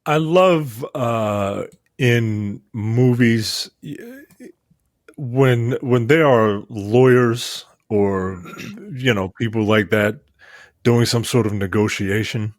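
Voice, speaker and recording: A man's voice: slow, no room sound, studio quality. A man co-hosting a casual film review podcast, talking expressively with laughing asides. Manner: expressive, laughing asides, bursts into high-pitched impressions. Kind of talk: casual chat.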